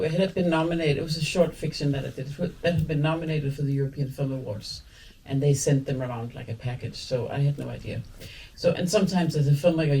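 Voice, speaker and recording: A woman's voice: deep voice, mellow, far from the mic. A woman from Denmark, a film director talking at a screening in a cinema hall, rambling and self-mocking, often laughing. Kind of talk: guest talk after a screening.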